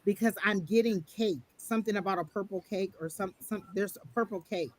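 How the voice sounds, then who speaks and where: A man giving a live online psychic tarot reading, gentle and reassuring, who often repeats phrases. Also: high-pitched, brisk, a little hiss or hum.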